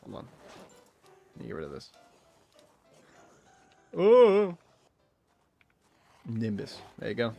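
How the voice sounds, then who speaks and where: Male streamer, casual and profane, lively pitch swings, middle-pitched voice, reads game text aloud with jokey asides. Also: takes it slowly, creaky, pauses often, faint music behind. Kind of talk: gameplay commentary.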